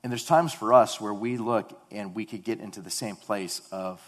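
A man preaching a sermon, swinging from loud, fervent emphasis to hushed, quiet passages. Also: lowish voice, moderate pace, few pauses. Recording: long hall reverb.

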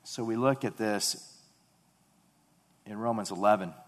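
A man preaching a sermon, swinging from loud, fervent emphasis to hushed, quiet passages. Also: lowish voice, a little slow. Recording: long hall reverb.

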